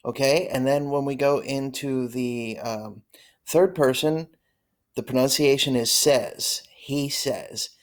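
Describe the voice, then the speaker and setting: A man teaching an online English grammar lesson, explaining slowly and often checking in with "okay?" and "right?". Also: medium pitch, steady tone.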